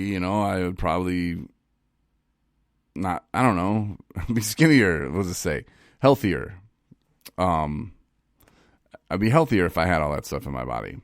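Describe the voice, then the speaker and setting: A man in a casual live-stream monologue, halting and repeating words, laughing at himself, and getting choked up. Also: low voice, no room sound, studio quality. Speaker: recovery vlogger. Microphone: phone.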